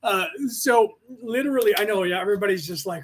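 A man in his forties from California talks through a casual podcast livestream in a fairly high voice. His speech wanders, full of restarts and self-corrections, as he chats with his listeners. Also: a little fast. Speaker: podcast host.

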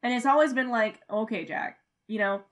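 Fairly high-pitched and speaking at normal speed, this young podcast co-host keeps the casual conversation animated. She laughs a lot and doesn't hold back on swearing.

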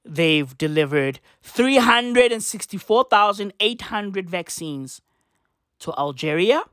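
A woman's voice: medium pitch, expressive, slow pace, fairly bright tone, dry recording, clean studio sound. A woman ranting through news commentary, profane and slangy, firing off rhetorical questions.

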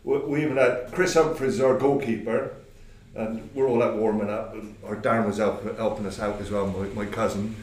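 A man's voice: fairly low pitch, fairly even intonation, normal speed, darkish tone. A man over fifty, a former football manager casually telling rambling anecdotes, quoting himself and laughing along. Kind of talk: casual storytelling. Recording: roomy, distant mic, background noise.

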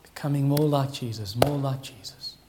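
A man, a pastor preaching an earnest, pleading sermon with dramatic pauses. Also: medium pitch, steady tone, noisy background.

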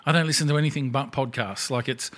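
A man's voice: mid-range voice, steady tone, fast, a bit bright. Blunt man, swearing casually. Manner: blunt, swears freely, laughs at himself. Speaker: podcast host. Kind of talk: casual chat.

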